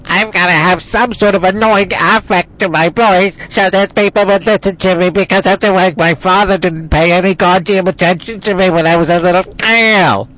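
A man's voice: high voice, fairly even intonation, moderate pace, hardly any pauses, fairly bright tone, voice pushed up, rough recording. A man in a car putting on a mocking, exaggerated voice of a whiny, sulky woman.

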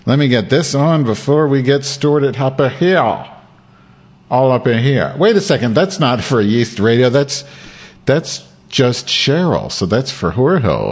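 A man's voice: medium pitch, very animated, unhurried, a little mellow, breathy edge. A man hosting a live podcast stream from home, telling crude stories in a rambling way that jumps between topics. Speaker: podcast host.

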